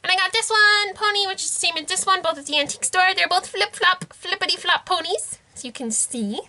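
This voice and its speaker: A woman's voice: extremely high pitch, brisk, bright, forceful tone. A young woman in a casual haul vlog, bubbly and giggly, gushing over toys she found. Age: young adult. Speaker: vlogger.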